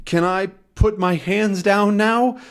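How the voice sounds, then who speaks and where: A man's voice: high-pitched, slow pace, voice pushed up. A man voicing a cowardly henchman from a comic, whiny and pleading. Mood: wheedling. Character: cowardly male henchman, scheming then pleading.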